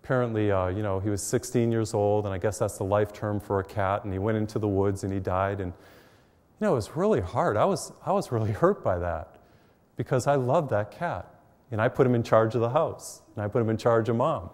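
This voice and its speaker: A man's voice: lowish voice, a little fast, darkish tone, long reverb tail. A middle-aged man, a priest, giving a conversational televised sermon full of personal stories, recorded in a church. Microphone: mic while facing cameras.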